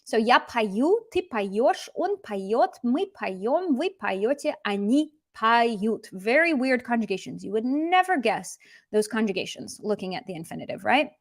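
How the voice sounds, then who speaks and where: A woman's voice: on the high side, big pitch swings, unhurried. Chatty woman teaching language. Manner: chatty, explanatory, mixes in Russian phrases. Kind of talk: casual live language lesson.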